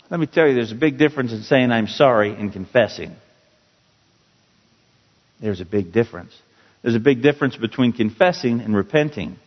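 A man teaching a Bible passage as a pastor, slow and emphatic, repeating key words for his listeners. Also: medium pitch. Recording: dull, roomy hall sound.

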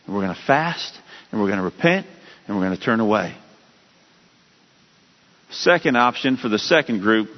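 A man preaching a sermon as a pastor, with sudden rises in pitch and emphasis. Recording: dull lo-fi sound with long hall reverb.

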